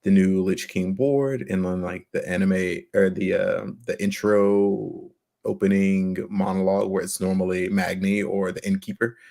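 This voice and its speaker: A man's voice: low voice, level tone, normal speed, creaky, warm tone. A man co-hosting a podcast, talking in a laid-back casual way with lots of fillers. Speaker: podcast co-host.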